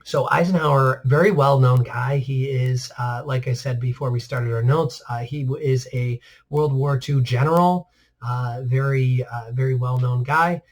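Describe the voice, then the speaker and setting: A man teaching a recorded history lesson in a relaxed, conversational way, filling pauses with frequent "uh"s. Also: mid-range voice. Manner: relaxed, many "uh" fillers, conversational asides. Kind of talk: recorded class lecture over slides.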